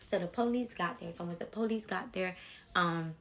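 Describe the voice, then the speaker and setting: A woman's voice: on the low side, moderate pace, creaky, a bit bright, a little hiss or hum. A young woman telling a personal story in a casual vlog, emphatic and talking straight to her viewers with repeated asides.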